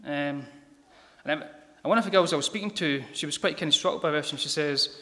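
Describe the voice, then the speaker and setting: A man giving an informal gospel sermon in a church hall, talking haltingly with many ums and repeated words. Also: fairly high pitch, pushed and bright. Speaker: lay preacher. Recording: reverberant hall.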